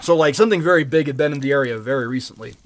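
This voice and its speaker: A man's voice: medium pitch, racing. A man co-hosting a casual podcast, telling a story in a loose, joking way with plenty of fillers and swearing. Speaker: podcast co-host.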